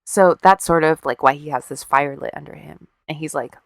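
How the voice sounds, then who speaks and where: A woman with a lowish voice tells a story to her co-host in a loose, chatty way. She swears freely and adds wry asides. The recording is dry and close. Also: normal speed, creaky, hardly any pauses, dry recording. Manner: profane, wry storyteller acting out quotes. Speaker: podcast co-host. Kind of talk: casual storytelling chat.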